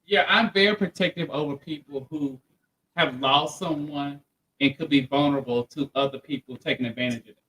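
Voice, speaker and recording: A man's voice: fairly high pitch, steady tone, a little fast, sharp tone, slightly rough, rough recording. A man joining the host, playful and teasing.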